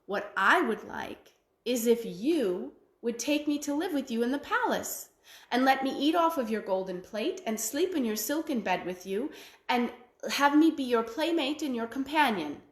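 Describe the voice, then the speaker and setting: A woman voicing a talking male frog in a well, speaking softly and coaxingly as she tells a fairy tale. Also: high voice, expressive, normal speed, echoey room.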